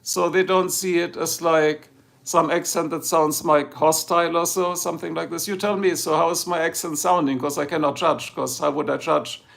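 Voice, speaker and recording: A middle-aged German man with a gravelly, somewhat high voice, hosting a live stream. He speaks English with a clear German accent and rambles loosely, turning again and again to talk straight to his chat. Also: fairly even intonation, normal speed, a bit bright. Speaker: livestream host. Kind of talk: casual livestream chat.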